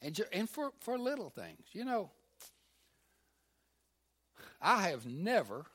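An older man preaching a sermon as pastor, animated, swinging between loud emphasis and hushed asides. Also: high-pitched, moderate pace, husky.

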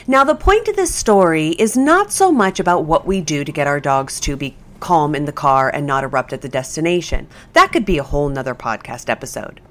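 Animated woman explaining dog training. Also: deep voice, brisk, hardly any pauses. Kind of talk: podcast monologue.

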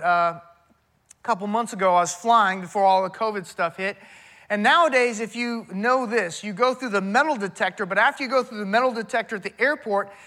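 Bright-voiced folksy preacher. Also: medium pitch. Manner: folksy and conversational, addressing the congregation directly; emphatic, rhetorical questions and repetition. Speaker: pastor. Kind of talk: sermon.

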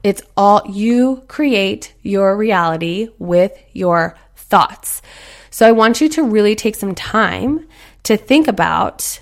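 A woman's voice: mid-range voice, expressive, slow. Chatty woman giving motivational talk. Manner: chatty, acts out inner voices; earnest, encouraging.

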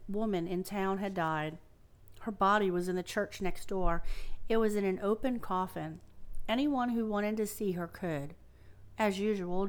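A woman co-hosting a podcast, reading a scary story aloud at a steady, even pace. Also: mid-range voice. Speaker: podcast co-host.

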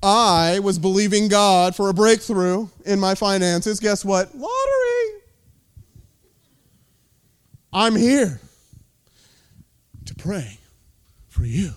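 A man's voice: high-pitched, big pitch swings, slow, pauses often, clean tone, exaggerated voice. A pastor voicing a boastful, fake-pious man who brags about his miracles. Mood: smug.

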